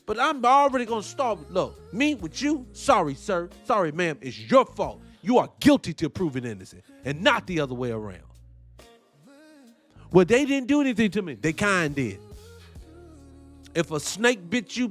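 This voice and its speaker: A man with a high voice hosts a livestream and rants with heat, cursing often. Faint music plays underneath. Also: normal speed. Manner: animated, ranting, swearing, mocking voices. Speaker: livestream host. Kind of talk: heated live-stream commentary.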